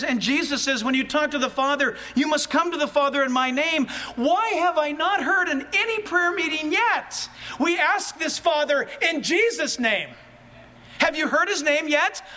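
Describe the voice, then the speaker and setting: A man preaching a sermon, animated and full of rhetorical questions that rise toward shouts. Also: extremely high pitch. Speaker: pastor.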